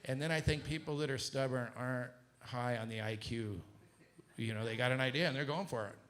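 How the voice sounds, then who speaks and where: A middle-aged man from Southern California telling a business story to an audience, acting out the quoted voices with a rising pitch. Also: fairly quick. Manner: animated, acts out quoted dialogue with rising pitch. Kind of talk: casual storytelling talk to an audience.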